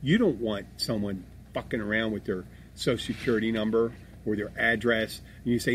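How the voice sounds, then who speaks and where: A man's voice: lowish voice, fairly quick. A middle-aged man hosting a casual podcast about bar work, talking in a rambling, profane way with many restarts. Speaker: podcast host, bartender. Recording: faint background noise.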